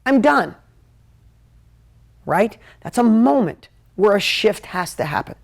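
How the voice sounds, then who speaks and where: A man teaching a live motivational talk at a whiteboard, energetic, emotional and conversational. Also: high voice, moderate pace, creaky. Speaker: motivational business coach.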